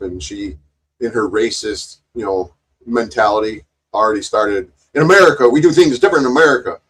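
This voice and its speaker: A man's voice: on the low side, a little hiss or hum. A man giving casual, sarcastic commentary on a video, mocking the people in it and swearing freely. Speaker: co-host reacting to a video.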